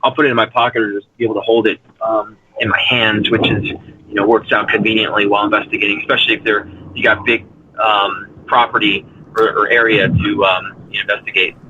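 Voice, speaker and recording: A man's voice: lowish voice, level tone, fairly quick, highs cut off, background noise. A man being interviewed as a paranormal investigator, talking earnestly in long rambling runs full of fillers and restarts. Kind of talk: casual interview talk.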